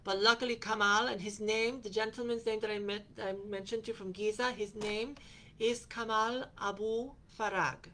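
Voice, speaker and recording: A woman hosting a show recounts a personal trip in a loose, meandering way. She fills her sentences with little fillers and restarts, and she slips into quoting the people she met along the way. Her voice sits at a middle pitch. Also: steady tone, normal speed, a bit bright, a little hiss or hum. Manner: rambling, with frequent fillers and restarts; quotes other people in her retelling. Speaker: podcast host. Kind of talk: personal travel storytelling.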